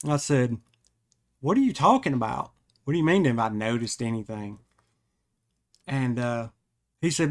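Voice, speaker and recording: A man hosting a podcast, telling a funny personal story in a rambling, animated way and often correcting himself. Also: medium pitch, measured pace, pauses often. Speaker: podcast host. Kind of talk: casual storytelling.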